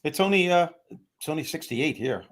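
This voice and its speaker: A man's voice: a little high, animated, a little fast. A man hosting a motivational talk show, joking and teasing himself as he chats with the audience. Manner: joking, self-mocking, chatty.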